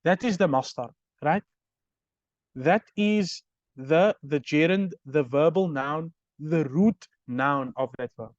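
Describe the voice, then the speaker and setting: A man's voice: a little high, slow, dry recording, highs cut off. A man teaching Arabic grammar in a recorded lecture, explaining step by step and often checking understanding with "right?".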